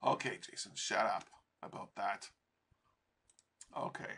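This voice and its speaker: A man's voice: on the low side, measured pace, creaky, a bit bright, slightly rough. A man teaching trading over a chart in a casual, profane, rambling way, laughing often. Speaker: trading instructor.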